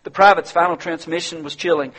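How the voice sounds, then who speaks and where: A man's voice: fairly high pitch, steady tone, brisk, a bit bright, breathy edge. A male pastor preaching a sermon, earnest and repeating words as he builds his points.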